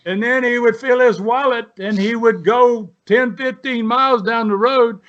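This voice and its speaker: A man's voice: very high-pitched, fairly even intonation, moderate pace, fairly bright tone, a little hiss or hum. A man in his seventies, a guest on the show, telling a long story in a folksy, rambling way with many "you know"s and "right?"s. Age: 70s. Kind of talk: storytelling in an interview. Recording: dull lo-fi.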